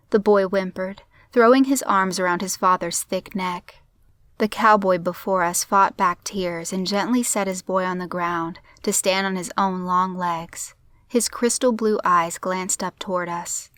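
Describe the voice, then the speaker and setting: A woman narrating a crime story in a steady, measured audiobook reading. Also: fairly low pitch, no room sound.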